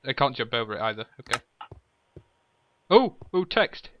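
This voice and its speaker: A man's voice: medium pitch, big pitch swings, moderate pace, lo-fi sound, slight background noise. A man chatting casually while playing a game with a friend, reading game text aloud and laughing often. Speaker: gamer. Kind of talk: casual let's play chat.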